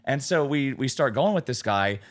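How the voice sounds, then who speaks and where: A young man co-hosting a casual podcast tells a long, animated story, swearing freely and acting out the voices of the people he quotes. His voice is medium in pitch at a normal speed.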